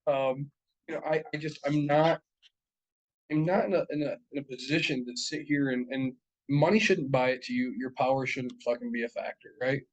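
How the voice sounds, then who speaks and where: A man's voice: medium pitch, fairly even intonation, moderate pace, rough recording. A young man co-hosting a casual podcast chat, telling long profane stories full of fillers and laughs. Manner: profane, rambling storytelling with frequent laughs and fillers. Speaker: podcast co-host.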